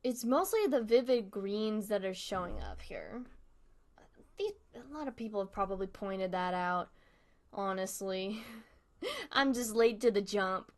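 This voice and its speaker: A young woman hosting a live stream, softly chatting and rambling in casual commentary as she watches a video, with small laughs, close to a desk mic at home. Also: medium pitch, expressive, a little slow. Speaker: livestream host. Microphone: desk microphone close up.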